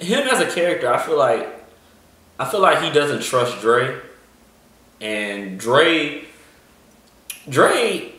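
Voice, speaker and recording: A man co-hosts a casual podcast chat reviewing TV, rambling with lots of ums and restarts. His voice is medium-pitched, bright and forceful. The recording sounds echoey, with the mic placed far off.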